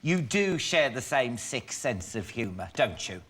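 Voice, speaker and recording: Camp English chat show host. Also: male voice, mid-range voice, sing-song, unhurried, fairly bright tone, slightly rough. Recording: studio audience crowd noise.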